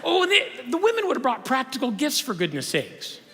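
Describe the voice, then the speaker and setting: A man giving a humorous conference lecture in a church auditorium, telling stories in an animated way with frequent restarts. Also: extremely high pitch, fairly quick. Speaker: conference speaker. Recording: long reverb of a church hall.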